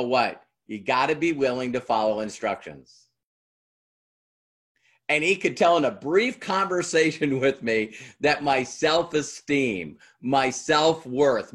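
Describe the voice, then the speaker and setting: A man's voice: medium pitch, expressive, slow, fairly bright tone. A middle-aged man giving a talk to an audience in a conversational way, acting out both sides of past dialogues as he tells a story. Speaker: motivational speaker.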